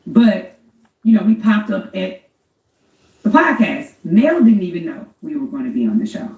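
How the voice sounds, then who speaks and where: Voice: mid-range voice, very animated, moderate pace, a little mellow, echoey room, recorded from a distance, dull audio. A co-host in a casual chat, animatedly recounting events and commenting on them.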